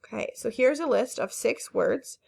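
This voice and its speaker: A woman's voice: fairly high pitch, moderate pace, vocal fry, a little mellow, breathy edge. Casting note: woman teacher, patient and encouraging, careful enunciation of each word for young learners. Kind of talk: phonics lesson narration.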